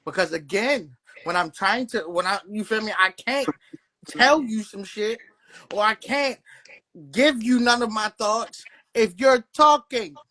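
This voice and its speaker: A man's voice: high voice, measured pace, pushed and bright. A man on a casual podcast panel, brash and teasing, pushing back with profanity. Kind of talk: casual debate chat.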